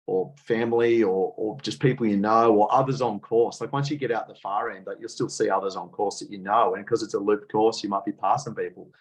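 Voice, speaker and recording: A man's voice: on the low side, fairly even intonation, fairly quick, few pauses, husky. An Australian man coaching as a guest on a casual podcast over an online call, laid-back and encouraging. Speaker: triathlon coach.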